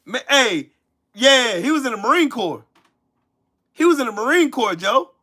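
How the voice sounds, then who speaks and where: A man's voice: big pitch swings, normal speed. A man hosting a live stream, angrily cussing out viewers in chat and answering them by name. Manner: angry, profane, cussing out viewers; swings between loud shouting and low muttering. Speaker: livestream host.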